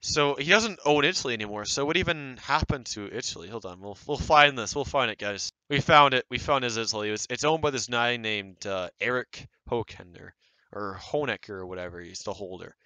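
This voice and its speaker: A young man talks through a screen recording in a rambling, sarcastic way, his voice bright and crisp. It sounds close and dry, as if he is speaking straight into a desk mic. He gets animated whenever he mocks someone. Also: medium pitch, a little fast, no room sound, rough recording. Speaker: video creator reviewing online game groups. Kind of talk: casual screen-recorded commentary.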